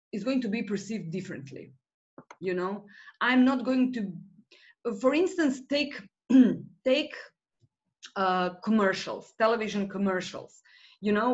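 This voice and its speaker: In an academic interview, a woman researching rhetoric explains her ideas thoughtfully, hesitating often. Her voice is on the high side, and the sound is lo-fi.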